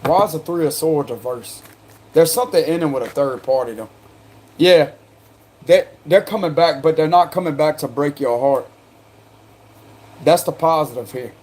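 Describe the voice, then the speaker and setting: Speaking on the high side at normal speed, with long pauses and a slightly mellow sound, a South Carolina-accented tarot reader keeps things casual. He's slangy and chatty and often breaks out laughing.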